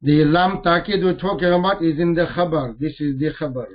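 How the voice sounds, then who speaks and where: A man teaching Arabic grammar in a classroom lesson, explaining slowly and repeating the words he recites. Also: a little high, dull audio.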